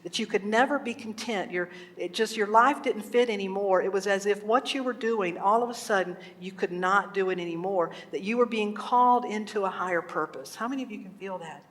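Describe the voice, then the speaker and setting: A woman's voice: mid-range voice, brisk, hardly any pauses. A woman minister giving an earnest sermon in a church, telling stories and asking the congregation questions. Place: church sanctuary. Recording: echoey hall.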